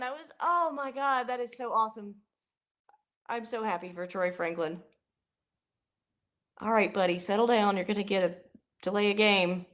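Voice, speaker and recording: A young woman doing casual live play-by-play of a football game, chatty and rambling, bursting into excited yelling. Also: medium pitch, normal speed, long pauses. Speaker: livestream host.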